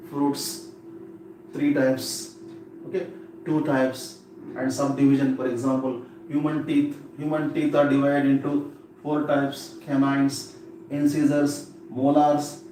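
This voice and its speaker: A man's voice: a little high, little pitch movement, takes it slowly, long pauses, mellow. A man teaching an exam-prep English lesson, who repeats key words and drills pronunciation aloud. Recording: echoey room from far off with faint noise.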